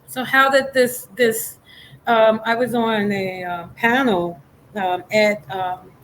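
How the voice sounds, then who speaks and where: A woman hosting a casual interview, affirming her guest and pausing to search for her words. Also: fairly high pitch, fairly even intonation, fairly bright tone, a little hiss or hum, poor audio. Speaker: talk show host.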